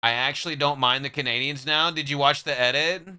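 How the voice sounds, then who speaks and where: A man's voice: mid-range voice, steady tone, a little fast, sharp tone, smooth. A man streaming live, trading joking, profane banter with his chat in casual talk.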